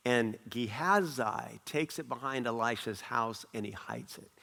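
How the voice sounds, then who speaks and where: Man preaching an animated sermon. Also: unhurried, vocal fry. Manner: animated preaching with swings in pitch and volume, repeating phrases for emphasis. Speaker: pastor. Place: church.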